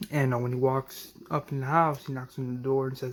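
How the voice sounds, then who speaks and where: Rambling man recapping an episode, flat. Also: mid-range voice, brisk. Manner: rambling, heavy on fillers and restarts. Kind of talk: casual retelling of a TV episode.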